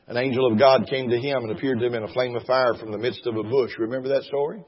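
A man's voice: mid-range voice, husky. A man preaching a sermon, reading scripture aloud and rising to fervent exclamations. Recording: dull, roomy hall sound.

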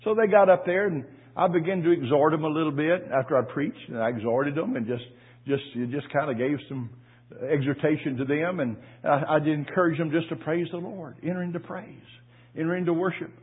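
Folksy middle-aged pastor, kinda husky, bit high voice, sounds like it's over a phone line. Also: male voice, brisk. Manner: folksy, repeats words, rises to loud exclamations. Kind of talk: sermon with storytelling. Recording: tinny phone-like audio.

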